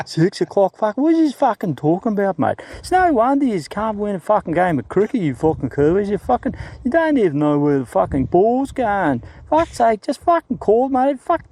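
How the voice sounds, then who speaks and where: Man putting on a foul-mouthed Australian accent, angry cricket fan, lively swooping voice, mellow tone. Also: sits high, dry recording, heavily acted. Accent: put-on Australian. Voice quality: sweary, ranting, deliberately exaggerated. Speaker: voicemail caller.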